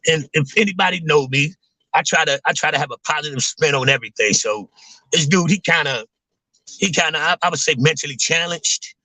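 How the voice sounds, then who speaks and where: A man's voice: a little high, sharp tone, breathy edge, no echo, rough recording. Laid-back man rambling in casual slang. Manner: rambling, laid-back slang with frequent "man" and "you know what I'm saying". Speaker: vlogger talking to viewers. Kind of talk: casual livestream chat.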